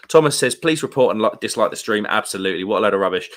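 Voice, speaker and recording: Low-voiced, chatty British man. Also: expressive, a bit bright. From United Kingdom. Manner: chatty and rambling, quick laughs, slangy. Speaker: live stream host. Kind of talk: casual live stream chat, reading viewer comments. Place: room at home.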